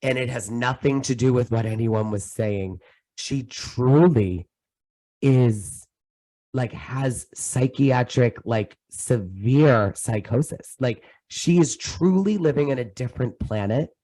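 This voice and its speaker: Guy cohosting a gossip podcast, emphatic and worked up, mid pitched voice. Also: slow, dark tone, poor audio. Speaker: podcast co-host. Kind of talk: casual chat.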